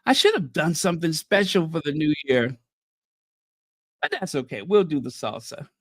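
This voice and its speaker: Excitable high-voiced man hosting a livestream. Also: normal speed, no room sound, studio quality. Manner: excitable, greets viewers by name, laughs often. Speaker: livestream host. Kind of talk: casual live-stream chat.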